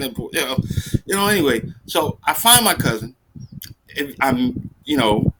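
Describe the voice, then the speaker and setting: A man doing seated stand-up, telling a profane story in an animated way and jumping into high, exasperated outbursts. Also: slow, background noise. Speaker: stand-up comedian.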